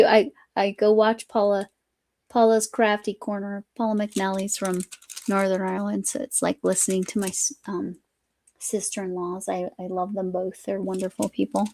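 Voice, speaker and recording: Woman host, gravelly fry, rambling live-stream crafter, mid-pitched. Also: level tone, moderate pace, a little mellow, slight background noise. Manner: rambling, chatty, often breaks off mid-sentence. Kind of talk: casual chat while crafting.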